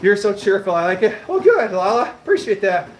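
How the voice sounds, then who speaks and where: Man, high voice, breathy, talking during treadmill workout, casual livestream chat, echoey room, faint noise. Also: sing-song, fairly quick. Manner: breathy, talks between breaths while doing cardio. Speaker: fitness livestreamer.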